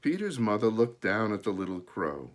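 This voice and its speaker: A man reading a children's story aloud in an animated way, pausing to talk about the pictures. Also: on the low side. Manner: animated, pauses to point at pictures. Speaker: storybook reader.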